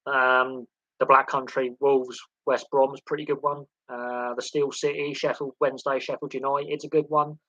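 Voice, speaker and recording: A man chats casually on a sports livestream, opinionated and quick to jump between examples. His voice is bright and forceful. The sound is close and dry, with a slightly dull, lo-fi tone. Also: medium pitch, flat delivery, dry recording. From England.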